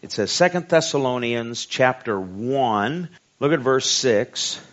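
Man, Southern accent, preacher, sermon, slow emphatic scripture reading, casual jokes, mid pitch, dull lo-fi sound. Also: expressive, fairly bright tone. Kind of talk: sermon Bible study. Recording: dull lo-fi recording.

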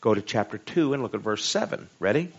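A man with a Southern US accent preaching a sermon. He reads scripture slowly and emphatically, then jokes in a casual way. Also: fairly low pitch, lively intonation, breathy edge. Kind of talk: sermon Bible study. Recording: dull lo-fi recording.

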